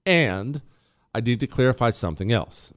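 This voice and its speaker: A man's voice: mid-range voice, animated, normal speed, no echo. A man hosting a radio talk show, boasting in a joking way and teasing his producer, speaking into a studio mic. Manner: brash, self-mocking, jabs at an off-mic producer. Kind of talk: boastful comedic monologue. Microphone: studio microphone.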